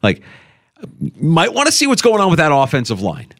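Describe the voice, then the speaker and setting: A man co-hosting a sports talk show, chatting in an animated, jokey way. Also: on the high side, normal speed, no room sound, studio quality. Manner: animated, jokey, does goofy voices. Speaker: sports radio co-host.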